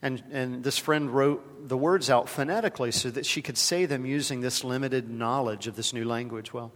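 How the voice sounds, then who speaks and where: A male pastor preaching a sermon, moving from loud, stressed phrases to quiet, hushed ones and doubling words when he gets stirred. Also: medium pitch, normal speed. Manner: dramatic, swings from loud emphasis to hushed softness. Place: large worship hall. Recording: long hall reverb in a worship space.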